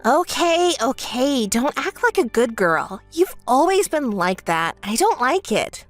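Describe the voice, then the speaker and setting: A woman's voice: sing-song, a little slow, dry recording, soft background music. A woman voicing a spoiled, self-centered young bride who bosses her sister around, in a texting-story voice-over. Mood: smug. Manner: whiny, bossy, shrill when angry.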